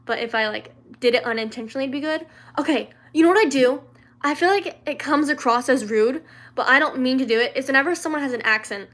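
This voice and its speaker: A young woman hosts a casual livestream, answering viewers' questions in a slightly high voice. Her talk rambles, full of fillers, restarts and little giggles. She grew up in the American South. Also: a bit bright. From Louisiana, raised in the American South.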